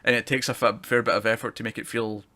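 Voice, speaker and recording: A man chats loosely through a TV episode review, rambling between points and laughing often. His voice sits at an ordinary middle pitch. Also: flat delivery, quick pace, pushed and bright. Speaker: podcast co-host reviewing TV. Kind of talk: casual review chat.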